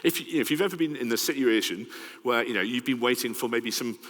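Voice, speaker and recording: A man's voice: mid-range voice, fast talker. Welsh man giving a conference talk. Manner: lively, conversational, asks "right?" often. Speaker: conference speaker. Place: large conference hall. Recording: long hall reverb.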